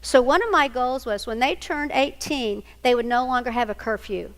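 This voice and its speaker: A middle-aged woman with a higher voice tells stories to an audience in a large, reverberant hall, speaking at a normal speed. Her talk is on single parenting, and she animates it by acting out the voices she quotes.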